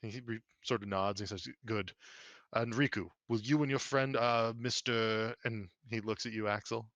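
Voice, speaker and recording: A man voicing a stern, formal noble father who speaks in a measured, blunt way. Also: fairly low pitch, steady tone, a bit bright, dry recording, muffled recording, natural voice.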